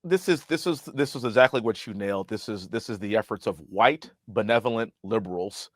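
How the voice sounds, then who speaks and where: A man's voice: fairly low pitch, fairly quick, dry recording. Emphatic man with a dry, close sound. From United States. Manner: emphatic, impassioned. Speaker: congressman guest. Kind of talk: political interview.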